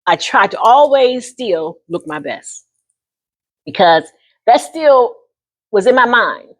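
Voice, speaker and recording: An older woman in her sixties, chatting to camera with a bright, slightly high voice. She tells her story in a lively, folksy way and keeps calling the listener honey. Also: slow. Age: 60s. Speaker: vlogger.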